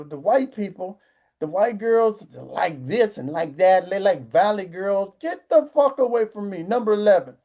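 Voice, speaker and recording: A woman's voice: mid-range voice, dark tone. A woman vlogger delivering a profane comedic rant, swearing constantly and acting out the people she complains about. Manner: crude, swearing, acts out quoted voices.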